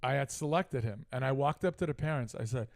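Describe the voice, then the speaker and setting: Middle-aged man, mid-pitched, casual talk-show storyteller who gets worked up retelling a feud. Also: fairly quick, creaky. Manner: animated, heated retelling with frequent asides. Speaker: podcast co-host.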